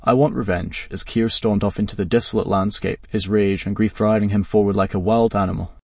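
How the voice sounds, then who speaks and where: Low husky guy reading a story, dry sound, set back from the mic. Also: little pitch movement, a little fast, a little mellow, no echo, far from the mic. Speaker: narrator.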